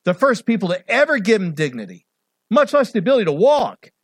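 A middle-aged male pastor preaching an animated sermon, swinging between loud, raised passages and quiet asides. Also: sits high, brisk, dry recording.

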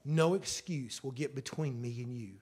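A middle-aged man, preaching a sermon in an emotional storytelling way that swells loud at the peaks. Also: medium pitch, moderate pace, breathy edge. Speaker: pastor.

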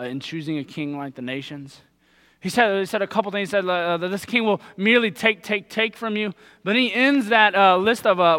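Male pastor, high bright voice, casual folksy sermon, reverberant hall. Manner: casual conversational preaching with folksy paraphrased quotes.

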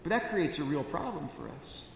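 A man preaching a sermon as pastor, telling the story with animated, wry comic asides. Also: on the high side, moderate pace, gravelly. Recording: echoey church hall with faint noise.

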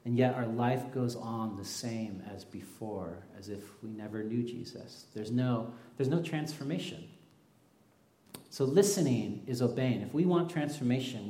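A young male pastor gives a casual, animated sermon, slipping into little acted-out voices when he tells a story. His mid-pitched voice rings out in a roomy hall with a clear echo.

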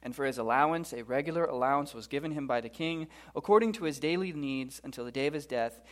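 A man's voice: mid-range voice, quick pace, natural voice. A man voicing an exasperated male publishing executive who lectures in a blunt, pushy way.

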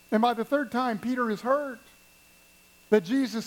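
High-voiced man preaching a sermon. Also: normal speed, pauses often, rough recording. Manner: storytelling, emphatic, speaks to the congregation. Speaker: pastor. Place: church service.

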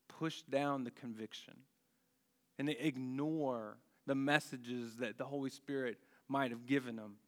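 Male pastor, slow emphatic sermon, bright tone, long hall echo. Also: mid-range voice. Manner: deliberate, emphatic preaching with dramatic pauses and rhetorical questions.

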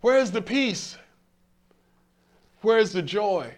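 An older man delivers a sermon in a fairly high voice. He stumbles over repeated words, then swells into emphatic lines and tosses questions out to the congregation. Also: animated, extremely slow. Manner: call-and-response, stammering restarts, emphatic swells. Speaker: preacher. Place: church in front of a congregation.

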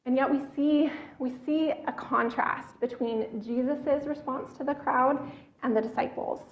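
A woman's voice: high-pitched, fairly even intonation, unhurried. A woman preaching a sermon, teaching earnestly and repeating words as she thinks. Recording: echoey room, slightly dull sound.

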